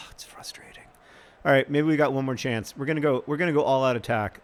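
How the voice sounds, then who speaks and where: A man hosting an advice segment while playing a football manager game, rambling and halting when reflective and bursting into loud, frustrated outbursts at the match. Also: medium pitch. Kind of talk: casual commentary over gameplay.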